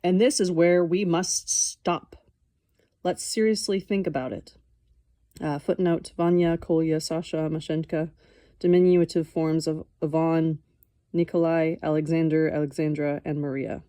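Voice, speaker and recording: A young woman reads a nonfiction book aloud, her voice sitting a little low. The recording is dry and close, with no room sound. She reads expressively and drops in wry, casual asides of her own. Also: measured pace, no room sound. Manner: expressive, wry, breaks off to comment and laugh. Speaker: audiobook reader.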